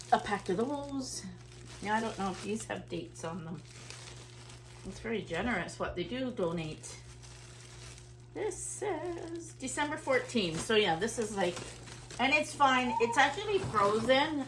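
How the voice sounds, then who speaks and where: A woman's voice: mid-range voice, fairly bright tone, slight background noise. A middle-aged woman from Canada, a vlogger chatting casually at home as she unpacks groceries and thinks aloud. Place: home kitchen.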